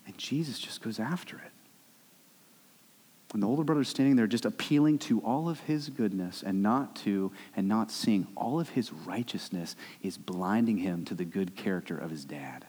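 A young adult male pastor preaching a sermon, with animated swings between loud, high bursts and low, quiet stretches. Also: moderate pace, husky. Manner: animated preaching, rising and dropping sharply. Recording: long hall reverb.

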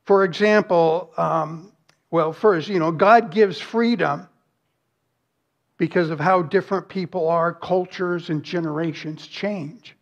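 A man's voice: fairly high pitch, fairly even intonation, slow pace, highs cut off. A man preaching a sermon as pastor, earnest and emphatic, with rhetorical questions and lists.

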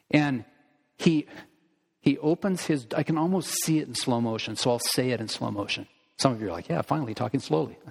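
A middle-aged man preaching a sermon as pastor, telling stories in a conversational, animated way to his congregation. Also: medium pitch, moderate pace, gravelly, long pauses, breathy edge, big-room sound. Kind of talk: sermon with storytelling. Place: church sanctuary.

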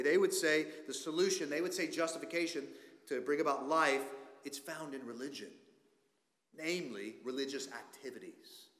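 A man's voice: a little high, fairly bright tone. A man preaching a sermon as pastor, emphatic and fond of rhetorical questions, recorded in a church sanctuary. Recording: echoey church hall reverb.

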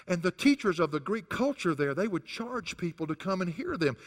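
A man's voice: on the high side, a bit bright, in a large hall. A male pastor preaching a sermon who swings his voice up and down hard for emphasis. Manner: rises and falls sharply for emphasis, chuckles between points.

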